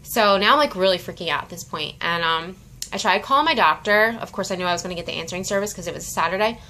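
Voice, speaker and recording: A woman's voice: on the low side, quick pace, bright, forceful tone, slight background noise. A young woman talking casually in a home vlog at night, chatty with many fillers, tired and out of breath. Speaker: vlogger.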